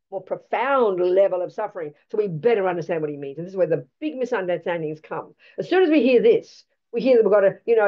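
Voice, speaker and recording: Animated woman giving a Buddhist teaching. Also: medium pitch, muffled recording. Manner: animated, emphatic and blunt, with rhetorical questions.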